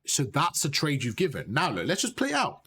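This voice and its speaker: A man coaching a player through gameplay footage, direct and animated, repeating his points and calling him bro. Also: fairly high pitch, brisk, breathy edge. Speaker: gaming coach.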